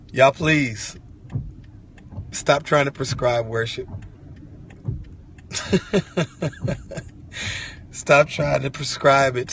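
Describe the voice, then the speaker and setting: A man's voice: mid-range voice, a bit bright, slight background noise. A man sharing an impassioned devotional message from inside a vehicle, fervent and repetitive, with casual slang. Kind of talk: impassioned devotional vlog talk.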